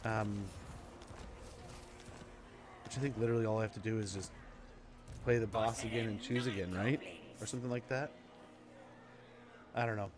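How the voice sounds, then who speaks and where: A man's voice: on the low side, noisy background. A man streaming a strategy game, giving casual commentary and rambling through a story with lots of fillers.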